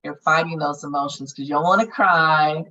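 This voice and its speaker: A woman's voice: deep voice, normal speed, bright, forceful tone, recorded from a distance, dull audio. A woman leading a healing circle, talking casually and frankly about meditation, swearing freely as she goes. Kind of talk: casual group guidance on meditation.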